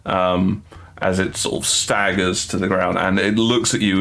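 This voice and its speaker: A man narrating as game master of a tabletop game, halting with frequent restarts and fillers. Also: low voice, level tone, fairly bright tone. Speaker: dungeon master.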